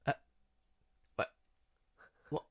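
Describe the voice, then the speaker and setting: A young man with an English accent, co-hosting a casual podcast, ranting about a film with lots of swearing and acted-out quotes. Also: very slow. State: coughing, something stuck in throat. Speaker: podcast co-host.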